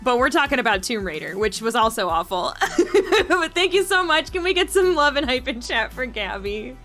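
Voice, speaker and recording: A woman streaming live, chatting with her viewers in an animated way and often laughing. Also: sits high, moderate pace. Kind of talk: casual live-stream commentary. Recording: faint music behind.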